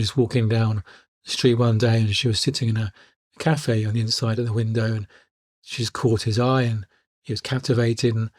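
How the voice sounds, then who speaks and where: A man, a life coach telling calm personal stories in a reflective podcast monologue and repeating his key lines. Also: mid-range voice, no echo, clean studio sound.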